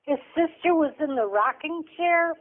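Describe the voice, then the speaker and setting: A woman's voice: high-pitched, lively intonation, moderate pace. An older woman, a grandmother co-hosting a podcast, chatting casually with short exclaiming reactions. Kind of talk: casual chat. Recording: tinny phone-like sound.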